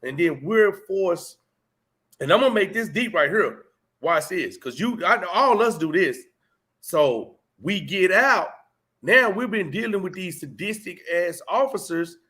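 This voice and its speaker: Animated high-voiced man telling it straight. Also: a little slow, breathy edge. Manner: animated storytelling, acting out heated exchanges; street slang, emphatic. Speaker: host. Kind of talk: casual conversation.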